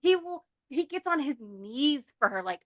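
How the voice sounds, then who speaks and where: Woman podcast co-host, higher voice, dry close sound, blunt and profane, giggles a lot. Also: expressive, moderate pace, no echo. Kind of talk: casual book-review chat.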